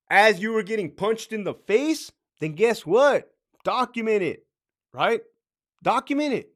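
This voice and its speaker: A man's voice: high-pitched, fairly bright tone. A man who used to be a correctional officer, giving blunt, profane advice in a casual talk and ending many points with "right?".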